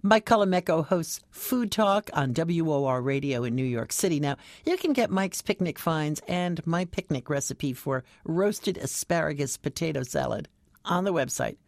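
A woman's voice: low-pitched, animated, normal speed, darkish tone, dry recording. A woman hosting a radio food show, reacting to a guest and reading host links.

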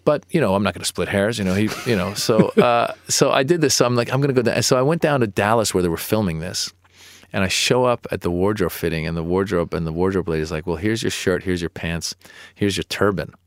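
A middle-aged male comedian telling stories in an interview, animated and acting out his own replies. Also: fast talker, no room sound, clean studio sound. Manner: animated storyteller, acts out his own protests in a higher voice. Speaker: comedian guest. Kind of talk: storytelling interview chat.

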